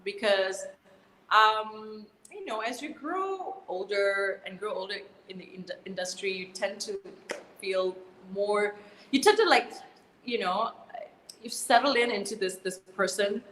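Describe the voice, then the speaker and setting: A woman's voice: mid-range voice, measured pace, fairly bright tone, echoey room, in a large hall, slight background noise. A woman singer, chatting casually as a guest, bubbly, laughing often and restarting her phrases. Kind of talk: casual video-call chat.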